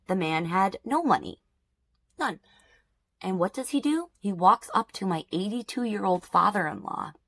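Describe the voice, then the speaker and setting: A woman's voice: fairly low pitch, fairly bright tone. A woman in her thirties vlogging at home, telling an upsetting story in an outraged, emphatic way while doing her makeup and repeating herself for effect. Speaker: beauty vlogger. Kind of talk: emotional storytime rant during makeup routine.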